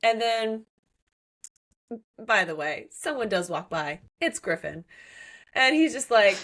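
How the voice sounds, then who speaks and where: A woman co-hosting a podcast, recapping a book in casual chat, animated and swearing, acting out the characters' lines. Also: medium pitch, slow pace, long pauses. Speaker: podcast co-host.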